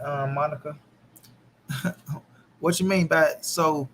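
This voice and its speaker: Bright-voiced man chatting on a live stream. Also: on the high side, fairly even intonation, a little slow, long pauses, slight background noise. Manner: loose, profane, talks back to chat. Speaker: boxing channel host. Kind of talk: casual live-stream chat.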